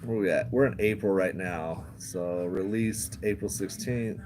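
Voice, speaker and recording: A man's voice: low voice, measured pace, background noise. Rambling laid-back man on a livestream. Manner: rambling, laughs often, swears casually. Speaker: livestream host. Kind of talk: casual livestream chat.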